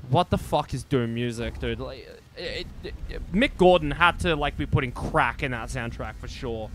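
A man's voice: medium pitch, moderate pace, a little hiss or hum. A man commentating his own gameplay live, swearing and talking back to the game. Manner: profane, excitable, swears at the game. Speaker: streamer.

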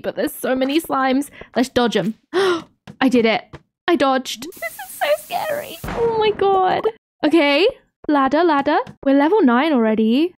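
A young woman hosting a let's play, chatting through her game in an excitable way, often gasping and exclaiming. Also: high voice, a little hiss or hum. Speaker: gaming channel host.

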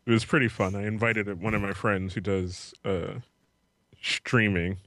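Swearing podcast host, dry close sound. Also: male voice, on the low side, fairly even intonation, fairly bright tone, no room sound. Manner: fast, swearing, joking. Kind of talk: casual podcast chat.

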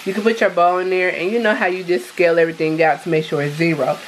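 Woman vlogger, lowish voice, chatty and upbeat, home kitchen, faint noise. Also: fairly even intonation, fast talker, rough recording. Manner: chatty and upbeat, addresses viewers as y'all. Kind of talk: casual vlog chat.

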